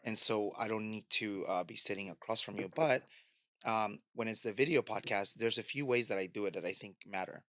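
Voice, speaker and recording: Bright-voiced man telling stories. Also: fairly low pitch, brisk, no echo, clean studio sound. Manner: storytelling, acts out quoted dialogue. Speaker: podcast guest and media host. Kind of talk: casual interview conversation.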